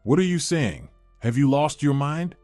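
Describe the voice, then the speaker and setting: A man's voice: a little high, sing-song, normal speed, darkish tone, no echo, soft background music. A man voicing a scheming, domineering older woman who speaks scornfully and commandingly. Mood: furious.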